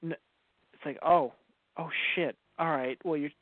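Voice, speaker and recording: A man co-hosting a casual podcast, sarcastic and quick to swear as he acts out quotes. His voice is a bit higher than most men's. The sound is dry and narrow, like a phone line. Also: fairly even intonation, no echo. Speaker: podcast co-host. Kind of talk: casual review chat. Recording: tinny phone-like audio.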